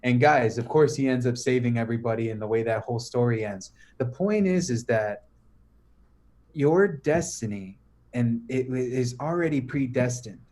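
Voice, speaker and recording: Male podcast guest, mid-pitched, slangy storyteller. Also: normal speed. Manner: slangy, animated, says "bro" and "right?" often. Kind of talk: casual storytelling pep talk.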